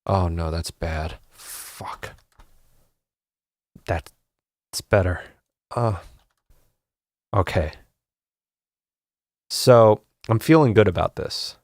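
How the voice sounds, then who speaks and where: A man talks through an art tutorial in a rambling, mock-serious way, now and then swearing at his gear. His mid-pitched voice has a gravelly edge. The sound is close and dry, with no room around it. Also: takes it slowly, pauses often, darkish tone, dry recording. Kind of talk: casual comedic screen-recorded tutorial.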